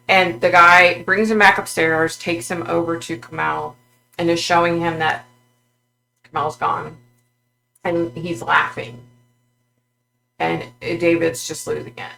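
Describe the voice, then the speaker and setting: A woman vlogger tells of a psychic vision in a halting, filler-heavy way. Her voice sits a little low, with a gravelly, fry-laden edge and a sharp, tense brightness. A faint hum runs underneath. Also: level tone, rough recording. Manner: halting, full of fillers and restarts.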